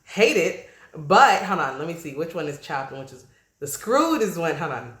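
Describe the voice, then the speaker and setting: A woman's voice: deep voice, moderate pace. Chatty East Coast woman, roomy echo. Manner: chatty, animated, laughs often, slangy asides. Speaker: vlogger. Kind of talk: casual to-camera chat.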